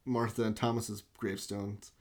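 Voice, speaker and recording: A man talking casually about a movie, animated and quick to laugh, jumping in and out of loose impressions of the characters. His pitch climbs sharply when he acts out a line.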